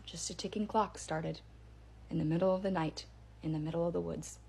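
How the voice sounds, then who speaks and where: A woman's voice: on the low side, steady tone, a little fast, vocal fry, a little mellow, slightly rough. A woman casually telling a first-person scary story in a chatty way, with fillers and restarts.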